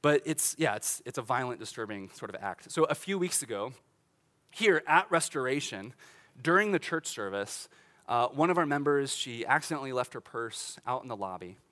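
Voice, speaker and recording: A middle-aged man, a pastor, preaching a sermon in a church in a casual, animated way, with laughs and restarts. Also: mid-range voice, moderate pace. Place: church sanctuary.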